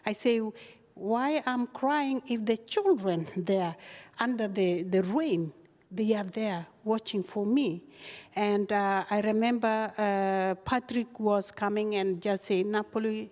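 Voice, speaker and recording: Woman guest, halting speech with lots of fillers, talk recorded in a hall. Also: mid-range voice. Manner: halting, many fillers, animated retelling. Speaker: guest, refugee activist. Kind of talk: casual interview storytelling. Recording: long hall reverb.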